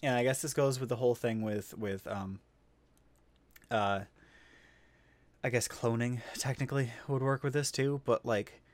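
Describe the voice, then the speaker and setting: A man hosting a podcast in a middle-pitched voice, rambling through his thoughts with plenty of swearing and restarts. His voice is recorded dry and close, with no room sound. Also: steady tone, normal speed, pauses often, no room sound. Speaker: podcast host. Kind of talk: casual chat.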